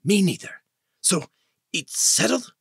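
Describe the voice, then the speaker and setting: Man doing a quiet, firm husband. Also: high voice, lively intonation, takes it slowly, vocal fry, breathy edge, no room sound, clean studio sound, voice pushed up, exaggerated voice. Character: resolved husband, a TV host.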